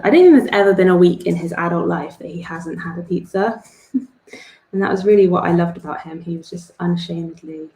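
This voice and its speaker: A young woman chats her way through a drawing tutorial, rambling and self-deprecating as she works. Her voice sits low and has a gravelly, creaky edge. The room around her sounds echoey. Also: dark tone. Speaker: art club host.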